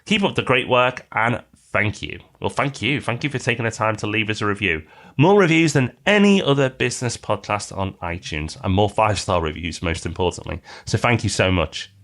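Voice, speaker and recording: A man co-hosting a property podcast, reading reviews and giving brisk, playful promos. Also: on the low side, expressive, a bit bright. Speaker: podcast co-host. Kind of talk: casual chat.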